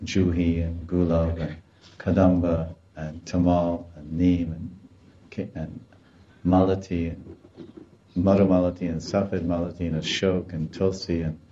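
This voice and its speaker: A man's voice: low-pitched, unhurried, reverberant, highs cut off, a little hiss or hum. A man giving a devotional lecture, telling stories with animation and acting out quoted voices. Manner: animated storytelling, acts out quoted voices with laughter. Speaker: spiritual teacher.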